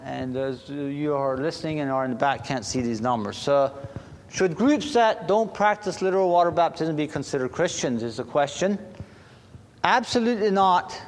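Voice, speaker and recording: A man preaching a sermon to a congregation, talking slowly and deliberately with halting restarts. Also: fairly high pitch, animated. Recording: long hall reverb.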